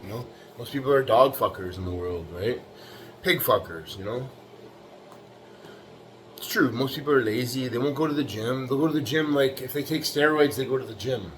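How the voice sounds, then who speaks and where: A man's voice: medium pitch, moderate pace. Middle-aged tradesman ranting, swears a lot, keeps saying you know, right, plain mid voice, faint noise behind. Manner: profane, blunt, tough-talking. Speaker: bricklayer vlogger. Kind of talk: rambling motivational monologue.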